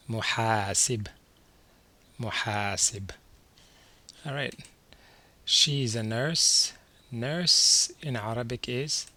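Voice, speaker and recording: A man's voice: mid-range voice, bright, forceful tone. A man teaching a beginner language lesson over slides, patiently repeating each word and checking in with the learner. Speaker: Arabic teacher.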